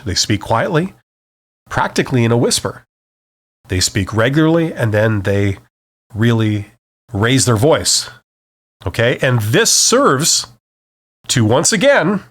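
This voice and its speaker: A man hosting a solo advice podcast, speaking off the cuff and checking in with "okay?" after each point. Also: medium pitch. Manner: animated, says "okay?" after most points; varies volume and speed to demonstrate. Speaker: podcast host. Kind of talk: unscripted solo advice talk.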